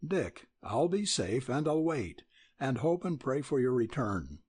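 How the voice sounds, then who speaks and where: A man's voice: mid-range voice, big pitch swings, a little slow, darkish tone, breathy edge, dry recording, clean studio sound. A man reading the part of a trembling young woman in love, tearful and faltering as she speaks.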